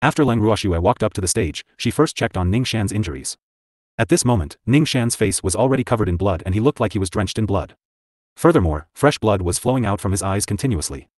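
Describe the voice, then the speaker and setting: A male narrator reads a fantasy novel with a steady, scripted delivery. His voice sits low and moves at a brisk clip. The sound is close and dry, with no room around it. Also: no echo. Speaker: audiobook narrator.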